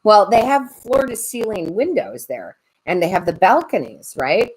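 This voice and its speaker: A woman tarot reader and medium chatting on a live stream, animated and laughing often as she tells stories to her viewers. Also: medium pitch, normal speed, slightly rough, low-quality recording. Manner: chatty, animated, laughs a lot while talking.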